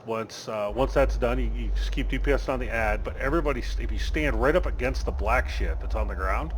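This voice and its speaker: A man's voice: mid-range voice, slight background noise. Blunt man leading a game raid. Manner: blunt, swearing, talks over the game. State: losing his voice. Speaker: raid leader. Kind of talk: explaining a game fight over voice chat.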